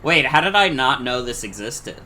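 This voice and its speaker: A man talks through a retro game on stream in a loose, rambling way, swearing freely and filling gaps with "like." His voice is bright and forward, at an ordinary middle pitch. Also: sing-song, moderate pace, a little hiss or hum. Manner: chatty, profane, heavy filler words. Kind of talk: casual gameplay commentary.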